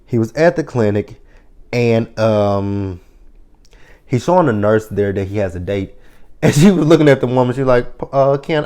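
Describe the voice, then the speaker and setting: A man's voice: medium pitch, expressive, normal speed, mellow. A man in his thirties casually recapping a TV episode, chatty and profane, laughing often. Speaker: TV episode reviewer.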